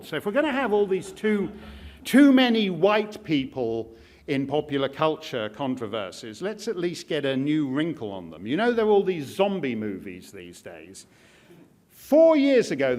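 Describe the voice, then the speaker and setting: A man giving a keynote speech in an auditorium, with a sardonic, jokey delivery. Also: fairly high pitch. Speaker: keynote speaker. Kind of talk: public speech.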